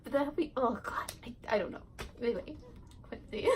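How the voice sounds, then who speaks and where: Teen girl rambling thru a storytime vlog, giggly, kinda high voice, little bit of hiss. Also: lively intonation, brisk, rough recording. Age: teens. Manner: rambling, giggly, full of likes and rights. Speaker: vlogger. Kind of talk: casual storytime chat.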